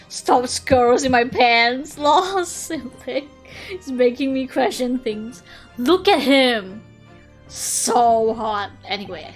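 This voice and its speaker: A young woman streamer chatting casually over a game, excitable and gushing, swearing freely. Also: on the high side, slow pace. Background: faint game music.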